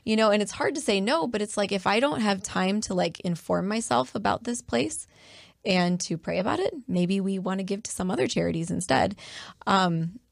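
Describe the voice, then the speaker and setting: A woman chatting in a relaxed way, telling stories with many fillers and restarts. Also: medium pitch, normal speed, creaky, no echo, clean studio sound. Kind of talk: casual conversation.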